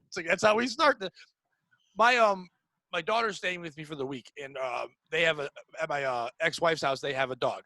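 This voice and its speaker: A man's voice: high-pitched, fairly quick, creaky, pushed and bright, dry recording, low-quality recording. A middle-aged man hosting a podcast, venting bluntly and profanely in casual chat. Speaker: podcast host. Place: home room.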